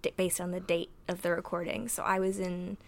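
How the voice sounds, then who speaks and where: A woman's voice: lowish voice, little pitch movement, brisk. A young woman hosting a podcast, casually telling family stories with lots of giggles and filler words. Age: young adult. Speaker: podcast host. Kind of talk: casual storytelling.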